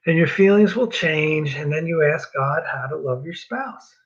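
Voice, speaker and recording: Man from New Jersey, marriage class teacher, raised husky voice, dull lo-fi recording, earnest and rambling. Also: on the high side, expressive, moderate pace. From New Jersey, US East Coast. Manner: earnest, repeats himself, self-deprecating asides. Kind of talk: casual teaching talk.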